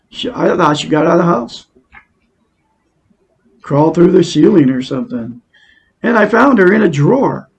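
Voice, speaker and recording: A man talks on in a rambling self-help vlog, addressing viewers directly and circling back over his points. His voice is gravelly and husky. It sits a touch high for a man. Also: darkish tone. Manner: rambling, repeats himself, talks straight to viewers. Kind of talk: rambling monologue to camera.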